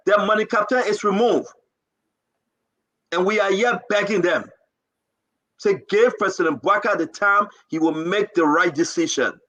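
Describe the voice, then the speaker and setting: A man's voice: high-pitched, bright, forceful tone, rough recording. A man with a Liberian English accent, hosting a live talk show and pleading his case with passion and repetition.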